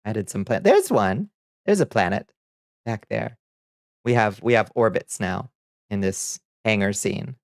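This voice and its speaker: Male streamer, low-pitched, easygoing and chuckly, dry close mic. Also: expressive, unhurried, creaky, dry recording. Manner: laid-back, chuckles often, greets chat by name. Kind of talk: casual livestream chat.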